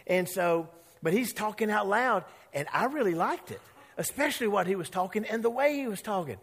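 High-voiced preacher guy telling a story, does all the voices, big echoey church. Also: fairly quick. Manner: animated, acts out quoted voices. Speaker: pastor. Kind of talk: sermon storytelling. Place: church sanctuary. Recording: long church hall reverb.

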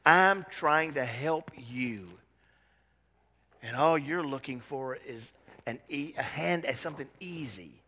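A man's voice: medium pitch, takes it slowly, sharp tone, big-room sound. A man preaching a sermon as pastor, dramatic and acting out scenes from the Bible in changing voices.

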